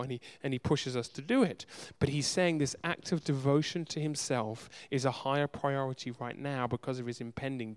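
Speaking in a darkish, mid-range voice, a man preaches emphatically in a city church, repeating words for stress and firing off rhetorical questions.

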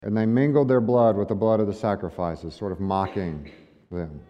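A man's voice: lowish voice, normal speed. Male pastor, conversational sermon, long echo in a large hall, dull lo-fi sound. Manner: conversational preaching with rhetorical questions to the congregation.

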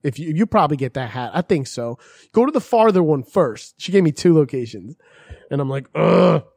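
A man's voice: a little high, lively intonation, brisk, creaky, darkish tone, breathy edge, no room sound. A man telling a story in casual chat, swearing often and acting out the people he quotes.

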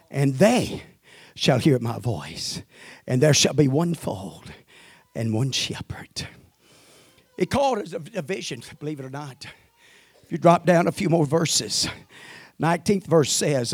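A middle-aged man preaching a sermon, sprinkling in amens and building to shouted climaxes. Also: medium pitch, creaky, breathy edge, no room sound, clean studio sound. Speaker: pastor.

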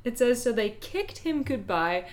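Deadpan woman co-host. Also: fairly high pitch, measured pace. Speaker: podcast co-host. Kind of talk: casual chat.

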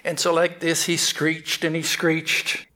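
A man speaking as a spiritual teacher, his voice sitting a little high. He tells a story in a halting way, repeating words and restarting phrases as he goes. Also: completely flat delivery, sharp tone.

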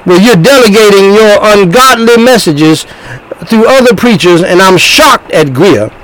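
A man delivers an emphatic sermon in a notably high voice. He circles back on his words, repeating phrases as he drives each point home. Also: a little slow, poor audio. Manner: emphatic, animated, repeats himself. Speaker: preacher.

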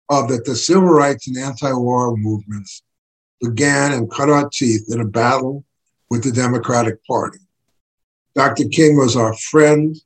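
Husky-voiced man, impassioned political talk. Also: medium pitch, poor audio. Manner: emphatic, rising to forceful bursts. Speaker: activist writer and commentator.

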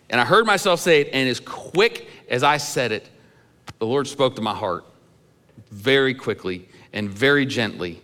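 A man's voice: mid-range voice, animated, normal speed, sharp tone, big-room sound. A middle-aged male pastor preaching in a church sanctuary, telling candid personal stories in a conversational way with some humor. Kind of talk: sermon.

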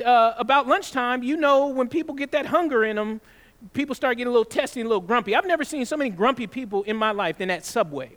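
A man from the Southern United States preaching a sermon, emphatic, drawing out scripture slowly and often adding "right?". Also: high voice, fairly bright tone. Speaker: pastor.

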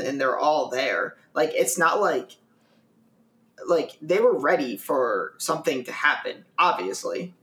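A co-host in a casual podcast chat, relaxed and a little hesitant, with plenty of fillers. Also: mid-range voice, reverberant. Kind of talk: casual chat about an anime episode.

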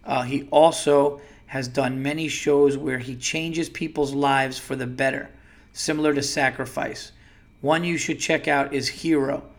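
A man at an ordinary middle pitch hosts a loose solo podcast. He rambles from one thought to the next, swears freely and jokes crudely. He reads listener emails aloud. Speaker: podcast host.

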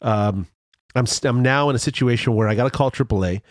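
A man telling a road story in casual chat, rambling with restarts and fillers, and his voice jumps higher when he gets excited. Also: fairly quick, dry recording, clean studio sound.

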